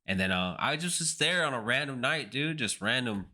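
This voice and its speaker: A man's voice: medium pitch, expressive, moderate pace, pushed and bright. A young man telling stories in a casual podcast interview, laid-back and slangy, acting out what people said. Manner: laid-back slangy storytelling, acts out quotes. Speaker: pro skater and DJ guest.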